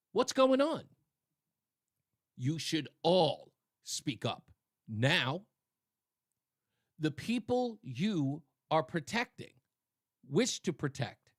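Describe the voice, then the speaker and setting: A man's voice: sits high, creaky, a bit bright, no echo. A male talk radio host giving sarcastic, mocking political commentary on a studio mic.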